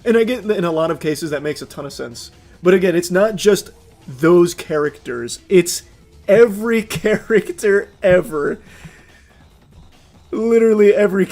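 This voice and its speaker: A young man with a high voice ranting animatedly on a livestream, swearing and laughing as he goes. Faint music plays behind him, and his talk swings from loud outbursts to mumbled asides. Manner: animated, profane, laughing often. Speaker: streamer. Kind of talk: casual livestream rant.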